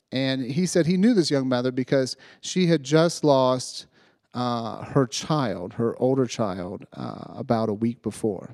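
Male youth preacher, mid pitch, dry close sound, animated storytelling sermon. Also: no echo. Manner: animated retelling, acting out voices, frequent "right?".

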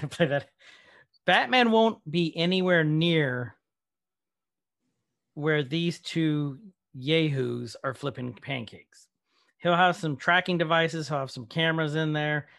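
Podcast guy, kinda high voice, animated and jokey, laughs a lot. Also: slow pace, vocal fry. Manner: animated, playful, laughs often. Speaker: podcast co-host. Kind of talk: casual chat.

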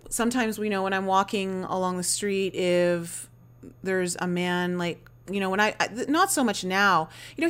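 A woman hosting a podcast interview talks in a chatty, animated way, full of "like" and "you know". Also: mid-range voice, smooth. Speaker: podcast host. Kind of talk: casual interview chat.

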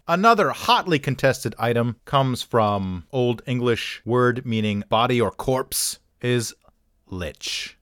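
Wry man with a lively, bouncing voice. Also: mid-range voice, slow pace, smooth, no echo, studio quality. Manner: wry, offhand asides and self-mockery. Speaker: host of a pronunciation channel. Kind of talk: casual talk-through with jokes.

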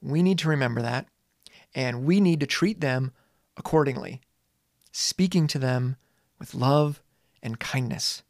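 A man in his forties, a teacher and parent, talking earnestly and casually with dramatic pauses and some swearing. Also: medium pitch, no echo, clean studio sound. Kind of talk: reflective monologue.

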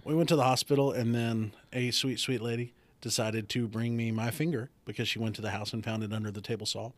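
A podcast host with a mid-range male voice tells a story in casual conversation at a fairly quick pace, with no room sound. He's an animated storyteller who acts out the voices of the people he quotes.

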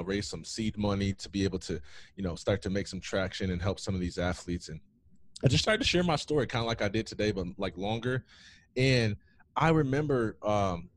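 A man in his thirties, a former athlete, telling his story in a casual interview with many "man" and "um" fillers. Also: fairly low pitch. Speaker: guest, former athlete and founder.

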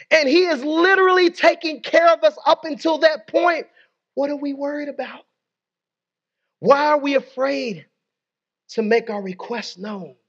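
A man's voice: extremely high pitch, lo-fi sound. A male pastor preaching a sermon, leading his congregation in call-and-response and dropping in folksy, conversational asides.

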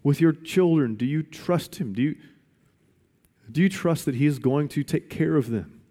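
A man's voice: on the high side, moderate pace, warm tone. A man preaching a sermon as pastor, emphatic and repeating his questions for weight. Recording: long reverb of a large hall.

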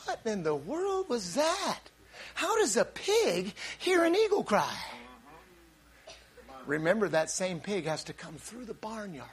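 A man preaching a sermon in an animated, storytelling way, repeating words and bursting into shouts for emphasis. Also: sits high, a little slow.

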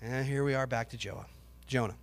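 A man preaching a sermon with passion, rising to shouts and acting out the voices of biblical figures. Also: mid-range voice, a little fast, in a large hall.

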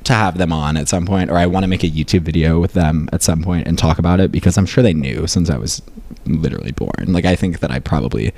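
A man's voice: low-pitched, fast, vocal fry, darkish tone, no echo. A young man from rural upstate New York, chatting casually as a guest, rambling with many fillers and restarts. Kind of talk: casual chat.

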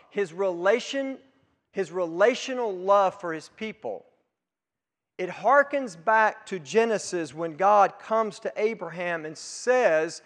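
A man preaching a sermon as pastor, emphatic, swelling loud on key words and dropping low on others. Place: church sanctuary. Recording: long reverb of a church hall.

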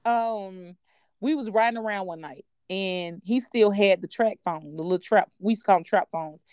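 A woman co-hosting a podcast, telling a personal story in a candid, profane and animated way. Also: medium pitch, moderate pace, smooth, dry recording, clean studio sound. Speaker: podcast co-host. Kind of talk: casual storytelling chat.

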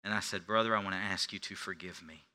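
Bright-voiced preacher, hushed to shouting. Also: male voice, deep voice, steady tone, fast talker. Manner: swings from hushed confession to loud preaching. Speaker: pastor. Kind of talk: sermon.

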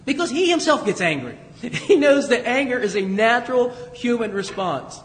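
A man with a high voice preaches a sermon, talking to the congregation like a friend and pushing his voice up for emphasis. He is heard from a distance in a large echoing church, with a long reverb tail behind every phrase. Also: animated, moderate pace. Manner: conversational preaching with emphatic rises and asides. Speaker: pastor.

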